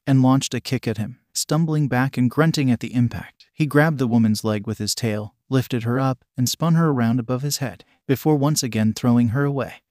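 A male narrator reads a fan-fiction story in a steady, even manner. His voice sits in a middling register, and the recording is dry and close. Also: mid-range voice, normal speed, no echo.

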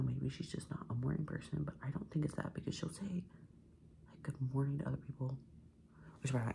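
A young man in his twenties whispers a chatty ASMR vent while doing his makeup, swearing and saying "like" constantly. His medium-pitched voice is gravelly and a little mellow, coming through mostly as an unvoiced whisper.

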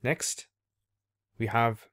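An Arabic reading teacher gives a slow, step-by-step lesson, patiently teaching letter sounds and repeating each one for the listener to copy. He speaks very slowly with a fairly bright tone. The studio-quality recording has no room sound.

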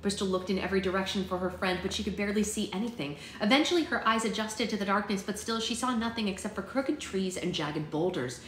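Woman reading a kids book out loud, steady, echoey room. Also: mid-range voice, fast talker, hardly any pauses, a little hiss or hum. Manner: steady, plain storytelling with small slips. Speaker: book club host reading aloud. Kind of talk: children's book read-aloud narration.

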